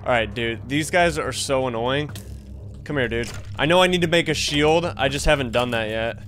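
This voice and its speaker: A young man casually commenting on his own gameplay, excitable and jumpy, chatting to the animals on screen. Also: mid-range voice, fairly quick, a little hiss or hum. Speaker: gaming YouTuber. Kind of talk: casual let's-play commentary.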